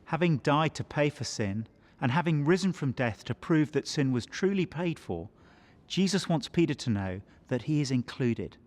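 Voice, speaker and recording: A man, a pastor, giving a scripted Bible teaching talk in an earnest, measured way with dramatic pauses. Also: on the high side, animated, a little mellow.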